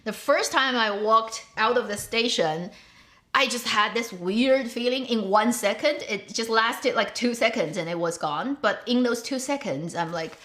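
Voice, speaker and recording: A woman's voice: medium pitch, a bit bright. A woman hosting her own show, chatting casually in a rambling way and laughing often. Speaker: host. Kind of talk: casual chat. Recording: roomy echo.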